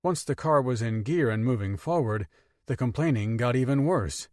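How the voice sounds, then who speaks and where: A male audiobook narrator reads a scripted text at a moderate pace with a lively pitch. The sound is close and dry.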